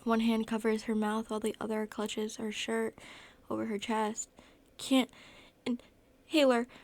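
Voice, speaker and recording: A woman's voice: fairly high pitch, normal speed. A woman narrating a fan fiction story aloud, often correcting herself mid-sentence. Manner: even storytelling with frequent self-corrections.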